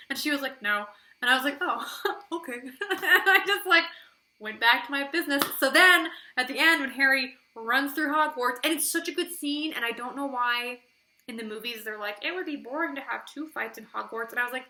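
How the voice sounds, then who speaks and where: A woman with a slightly high, very bright and forceful voice talks through a book in a casual review. She rambles, fills her sentences with "like," and plays out her own past reactions as she goes. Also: fairly quick. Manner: rambling, heavy use of "like" fillers; animated retelling, acting out her own reactions.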